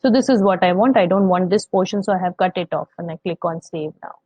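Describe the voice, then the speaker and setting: A woman teaching a software tutorial, patiently explaining each step as she goes. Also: on the low side, fast, no echo. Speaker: coding teacher. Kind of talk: screen-recorded software tutorial.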